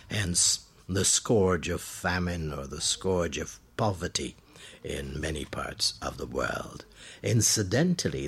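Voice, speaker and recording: A man's voice: sits low, vocal fry, slightly rough. A man hosting a vocabulary program, explaining a word, spelling it out letter by letter and stressing how it is pronounced. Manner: measured, deliberate explaining. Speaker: radio vocabulary program host. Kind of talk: scripted word-of-the-day lesson.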